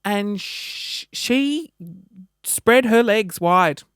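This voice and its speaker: A woman, telling a story in a casual vlog with animated, wry delivery. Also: medium pitch, extremely slow, clean tone, dry recording, clean studio sound. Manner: animated, wry, acts out quoted reactions. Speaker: vlogger.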